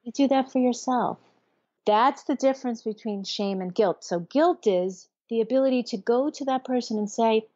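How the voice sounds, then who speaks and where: This woman therapist, a guest in an interview, has a slightly high voice with a darkish tone and speaks at a normal speed. She teaches earnestly, acting out examples of self-talk in quotes, in a dull, lo-fi, dry recording with no room sound.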